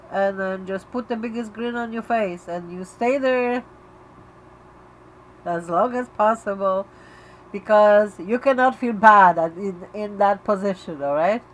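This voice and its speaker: An epilepsy community livestream host chats casually with viewers from her bed at home, speaking emotionally and openly, full of fillers and restarts. Her pitch is medium. The audio is poor, with slight background noise.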